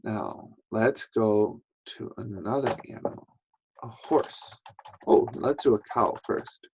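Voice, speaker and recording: A man teaching a slow English lesson to young learners, patient and repetitive, acting out sounds as he explains. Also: on the low side, creaky, darkish tone, husky. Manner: patient, repeats words, acts out sounds.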